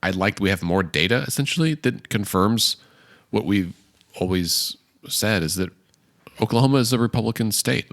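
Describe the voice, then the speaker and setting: A man's voice: low-pitched, fairly bright tone. A man co-hosting a podcast who chats casually about politics and thinks aloud in long, winding sentences while he has the hiccups. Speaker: podcast co-host.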